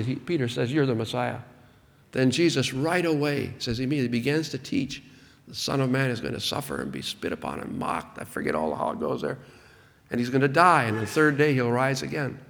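A man preaching a sermon, expounding a Gospel text with emphatic, slowed stress on key words. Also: fairly high pitch, in a large hall.

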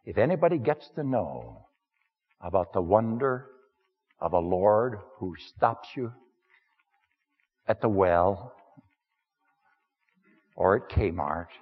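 A male preacher voicing a rough, humble working man who confides his story plainly and wryly. The voice is husky with lively pitch. The recording is dull and lo-fi. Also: heavily acted. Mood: earnest. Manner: self-deprecating, confiding, plainspoken.

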